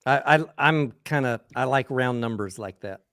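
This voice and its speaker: A man's voice: medium pitch, moderate pace, a bit bright, clear, resonant tone, no echo, clean studio sound. A man hosting a casual live stream, upbeat and reading viewer chat aloud. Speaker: livestream host.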